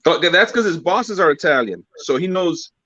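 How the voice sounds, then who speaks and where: A man from the United States in a casual chat, blunt and animated, often stammering on repeated words. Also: high voice, moderate pace, dry recording, lo-fi sound.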